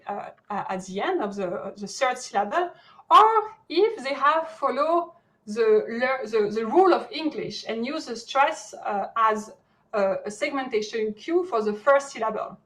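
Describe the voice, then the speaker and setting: A woman's voice: a little high, rough recording. A woman from France with a French accent, giving an academic lecture over a video call, often searching for words. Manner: many fillers and restarts, searching for words. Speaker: guest lecturer.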